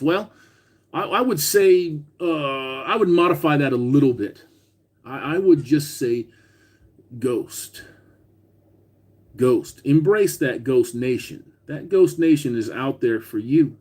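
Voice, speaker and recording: A man's voice: a little high, a little mellow. Blunt, profane man on a livestream. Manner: profane, blunt, reads viewer comments aloud. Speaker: livestream host. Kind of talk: casual livestream chat.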